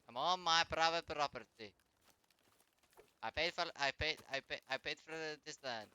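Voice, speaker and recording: A man's voice: fairly high pitch, measured pace, pushed and bright, smooth. A man streaming a live game, commenting as he plays, taunting enemies in a mock-polite way and swearing often.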